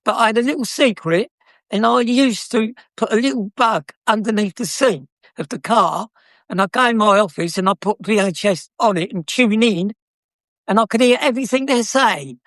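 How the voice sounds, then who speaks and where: With a high-sitting, fairly bright voice at normal speed, this older former car dealer from South London spins cheeky, chatty stories and laughs frequently. The recording is dry and clean, studio quality.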